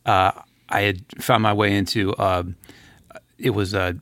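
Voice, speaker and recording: A man co-hosting a podcast, chatting casually in a rambling, animated way with many restarts. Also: lowish voice, a little slow, no echo. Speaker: podcast co-host.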